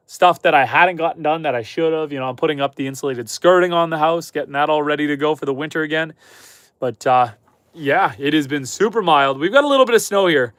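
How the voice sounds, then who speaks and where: A man from Canada hosting a homesteading livestream with a head cold, his voice stuffy and slightly hoarse, chatting upbeat with viewers and his animals. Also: fairly high pitch, a bit bright, no echo. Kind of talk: casual livestream chat reading viewer comments. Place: chicken coop on a homestead.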